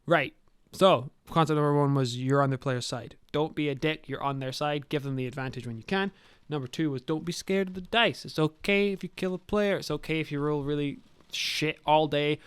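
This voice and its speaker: A young man talks casually on his podcast, blunt and sweary, wandering off into asides. His voice sits a little high and comes across smooth and clear. The recording is close and dry. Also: normal speed, fairly bright tone, no echo. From Scotland. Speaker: podcast host, dungeon master. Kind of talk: casual podcast talk, giving advice.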